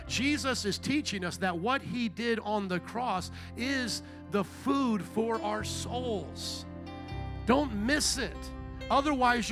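A man preaching a sermon as pastor, emphatic and asking the congregation questions. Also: high-pitched.

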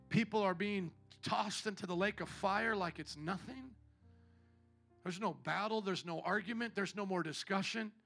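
A male pastor preaching a sermon in a church, theatrical and fiery, swinging between loud calls and quiet asides. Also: high-pitched. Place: church sanctuary.

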